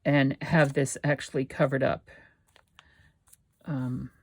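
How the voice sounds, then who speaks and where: Slow gravelly woman crafting aloud. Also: very deep voice, a little mellow. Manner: thinking aloud, self-talk while working. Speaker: craft channel host. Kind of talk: casual crafting talk-through.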